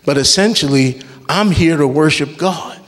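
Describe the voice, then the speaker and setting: A man's voice: fairly high pitch, moderate pace. A man preaching a sermon in a church, emphatic with call-and-response and casual joking asides. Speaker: worship leader preaching. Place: church sanctuary. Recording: long reverb of a church hall.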